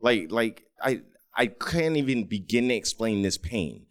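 A man's voice: fairly low pitch, a little slow. A man telling a personal story in the first person, acting out the people he quotes. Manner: animated, acts out quoted voices.

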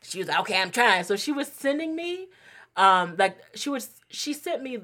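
Animated woman telling stories, lively pitch. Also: moderate pace. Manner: animated storyteller, acts out quotes, laughs often. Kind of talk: casual chat.

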